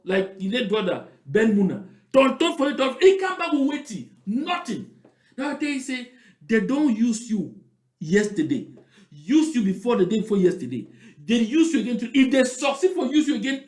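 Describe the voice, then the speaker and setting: A man with a Cameroonian Pidgin English accent delivers a mocking political commentary. He hammers his points home by repeating them, and his high voice swings widely in pitch. The sound is roomy, with a clear echo.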